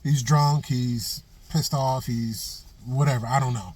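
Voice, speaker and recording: A man's voice: mid-range voice, steady tone, slow pace, darkish tone, slightly rough. A middle-aged man giving a blunt, profane opinion monologue for his vlog, telling stories and hammering points with repeated phrases. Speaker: vlogger. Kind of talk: casual opinion monologue with storytelling.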